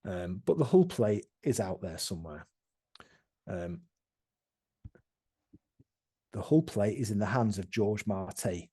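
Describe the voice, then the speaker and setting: A man's voice: on the low side, expressive, unhurried, mellow, slightly rough. A man running a tabletop game, recapping past sessions in a rambling, casual way with many restarts. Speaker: game master.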